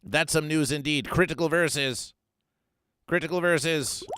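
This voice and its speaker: A man hosting a comic mock-news stream, reading and riffing in a theatrical way that swings from hushed asides to loud outbursts. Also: fairly high pitch, normal speed, background noise. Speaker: host.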